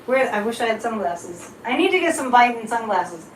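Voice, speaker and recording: A woman's voice: a little high, sing-song, normal speed, roomy sound, a little hiss or hum, poor audio. A woman doing a weak impression of an older male politician, pleading in a coaxing, folksy way.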